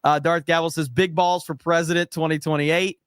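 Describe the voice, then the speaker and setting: Brash American male host, slightly high voice, dry close sound, swears freely. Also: little pitch movement, normal speed, smooth, no echo. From United States. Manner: brash, profane, emphatic. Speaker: podcast host reading super chats. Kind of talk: casual livestream chat.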